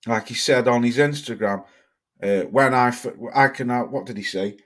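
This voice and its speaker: A man's voice: mid-range voice, normal speed, a bit bright. Male livestream host from Cheshire, blunt, sweary ranting delivery. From Cheshire, England. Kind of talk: livestream rant reading chat comments.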